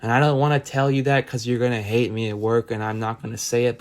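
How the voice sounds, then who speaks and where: A man's voice: medium pitch, flat delivery, quick pace. Rambling, profane male podcast host. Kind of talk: solo podcast monologue.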